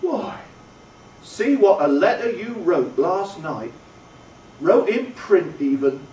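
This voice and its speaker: A man voicing a kindly, simple village blacksmith who speaks in a slow, drawling country way. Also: sits high, very animated, mellow, dull audio, slight background noise, heavily acted. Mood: earnest, kindly. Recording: roomy, distant, faint ambience.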